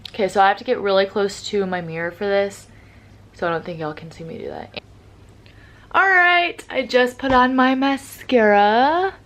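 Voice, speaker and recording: A woman's voice: mid-range voice, moderate pace, a bit bright. A young woman, chatting casually through a makeup tutorial as a beauty vlogger, upbeat and full of "like". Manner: chatty, upbeat, says "like" often.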